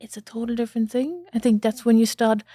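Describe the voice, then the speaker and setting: A woman's voice: a little high, fairly even intonation, fast, dark tone, slightly rough, dry recording, clean studio sound. A woman hosting an interview podcast, speaking reflectively and searching for her words. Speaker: podcast host. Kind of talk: interview conversation.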